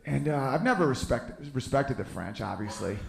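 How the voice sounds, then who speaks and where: A man's voice: mid-range voice, lively intonation, moderate pace, vocal fry, background noise. A man doing a stand-up set on a club stage, brash, mocking and profane. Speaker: stand-up comedian. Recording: roomy club echo.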